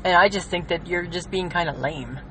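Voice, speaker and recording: A woman's voice: fairly low pitch, a little fast, fairly bright tone, slight background noise, low-quality recording. Dry, teasing woman podcast co-host. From Canada. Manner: dry, teasing, mock-indignant. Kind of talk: casual chat, storytelling.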